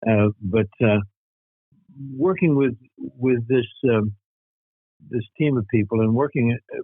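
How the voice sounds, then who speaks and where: A man's voice: medium pitch, slightly rough, dry recording, narrow, tinny audio. An older man, an actor, chatting in an interview with many restarts and fillers. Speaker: actor guest. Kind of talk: casual interview chat.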